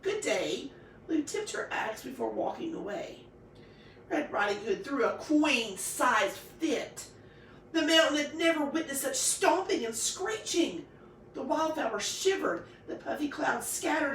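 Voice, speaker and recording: A woman reads a children's story aloud with animated expression. Her fairly high voice rises and falls in a lively way, and it sounds off-mic in an echoey room with faint ambience behind it. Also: distant mic, a little hiss or hum.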